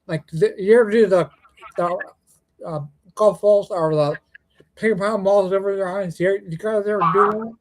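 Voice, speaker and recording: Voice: medium pitch, fairly even intonation, normal speed. A podcast host in casual chat, stumbling and repeating words.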